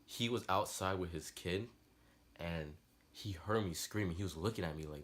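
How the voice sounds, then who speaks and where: A man's voice: low-pitched, moderate pace. A young man telling a personal story in casual, slangy, rambling talk. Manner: slangy, rambling, animated retelling. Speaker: vlogger.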